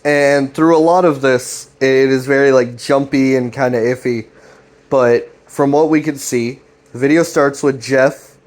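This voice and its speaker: A young man hosts a loose, rambling recap of a web series, swearing a lot and often starting his sentences over. His voice is medium-pitched with a darkish tone.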